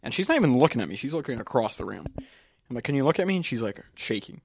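A man's voice: mid-range voice, very animated, fast talker, gravelly, husky. A young man hosting a podcast, telling a story in casual chat, acting out quotes and swearing often. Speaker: podcast co-host.

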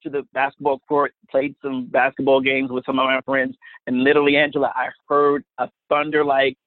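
A man's voice: medium pitch, monotone, fairly quick, no room sound. A man telling a personal faith testimony as a guest, earnest and storytelling, often repeating words. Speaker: guest minister. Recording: phone-line sound, dry.

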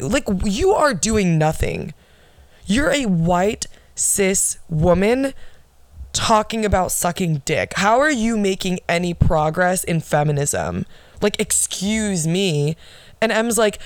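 A woman's voice: medium pitch, lively intonation, takes it slowly, no echo. A young woman hosting her own solo podcast, ranting bluntly and sarcastically with lots of swearing. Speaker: podcast host.

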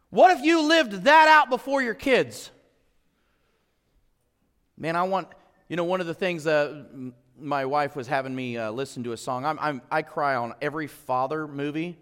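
A middle-aged man preaches in a church, his voice pitched high and bright. He talks conversationally, dropping to quiet stretches and then building up to emphatic appeals. A long reverb from the hall trails behind every phrase. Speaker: pastor. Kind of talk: sermon.

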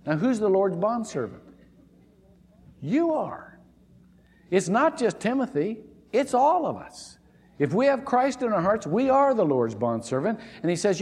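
A man preaching a sermon in a church, animated and conversational, often restarting his phrases. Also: high voice, a little slow, long pauses, husky, big-room sound. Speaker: pastor. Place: church sanctuary.

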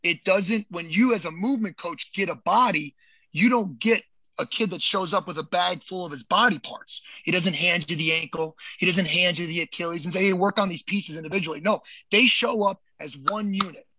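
A man with a high, sharp, forceful voice speaks in a casual podcast chat. He is emphatic and swears freely, stumbling over repeated words as he pushes his point. The sound is dry and a little dull, with a lo-fi edge. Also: normal speed, no room sound. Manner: emphatic, profane, repeats words when fired up. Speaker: movement coach.

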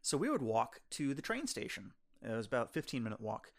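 A man's voice: medium pitch, a little fast, vocal fry. Guy hosting a movie podcast, voice bounces all over, loose chatty storytelling. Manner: rambling storyteller, lively and chatty. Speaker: podcast co-host reviewing films. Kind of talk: casual chat.

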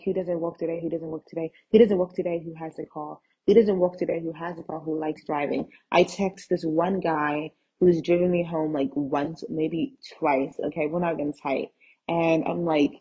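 A young woman hosting a podcast, telling a casual story in an animated way and acting out the dialogue, on a dull lo-fi recording. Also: lowish voice, husky. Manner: animated, acts out quoted texts and dialogue. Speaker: podcast host.

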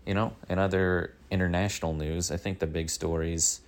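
Very deep, gravelly New man. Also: normal speed. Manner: deadpan, meandering, many fillers. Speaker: daily news podcast host. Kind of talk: rambling comedic monologue.

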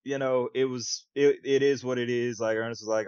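A man's voice: brisk, few pauses, clean tone, no echo. A young man co-hosting a podcast, telling a story in casual slangy chat and acting out the quotes. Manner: animated, acts out quotes with big pitch jumps, slangy. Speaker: podcast co-host. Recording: dull lo-fi podcast audio, dry.

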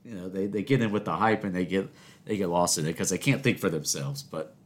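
A man's voice: low-pitched, a little fast. A young man in his twenties hosting a show, telling stories in a rambling, casual way, breaking off and restarting, and laughing at his own jokes. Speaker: podcast host. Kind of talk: casual solo storytelling.

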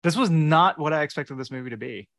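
A man's voice: a little high, quick pace, a bit bright, dry recording, clean studio sound. A man co-hosting a podcast, hesitant and full of fillers, laughing often. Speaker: podcast co-host. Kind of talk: casual podcast chat.

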